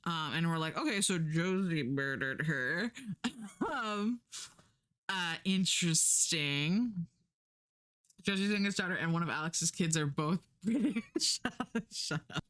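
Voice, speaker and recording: Her lowish, slightly bright voice is animated yet slow, with frequent pauses. A young American woman chats casually on stream, meandering through a story with many fillers and self-corrections while putting on voices for the people in it.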